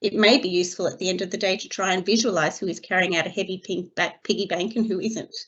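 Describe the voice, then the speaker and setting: A woman giving a scripted training webinar for early childhood educators, reading her slides in a steady, measured way. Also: fairly low pitch. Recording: slightly dull lo-fi recording.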